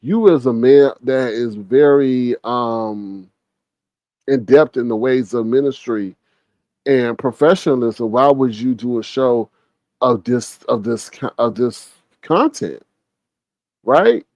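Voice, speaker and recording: A man hosting casual gossip commentary, animated and mocking, often mimicking others with big jumps in his voice. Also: medium pitch, slow, no room sound, muffled recording. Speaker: commentary channel host.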